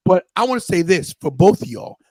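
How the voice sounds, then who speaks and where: A man's voice: high-pitched, very animated, brisk, a little mellow, no echo, poor audio. A man in his fifties hosting a podcast, telling a personal story in an earnest, casual way and often restarting his sentences. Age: 50s. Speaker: podcast host.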